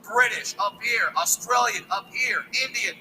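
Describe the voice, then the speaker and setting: A man doing stand-up comedy, telling an animated story full of acted-out voices. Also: high-pitched, a little slow, heavy background noise.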